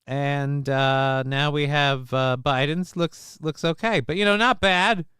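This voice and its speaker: Rambling livestream host, smooth dry voice. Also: male voice, fairly high pitch, takes it slowly, no echo. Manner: rambling, crude jokes, many fillers and restarts; gets loud and excited over news figures. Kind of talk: casual livestream commentary reading chat.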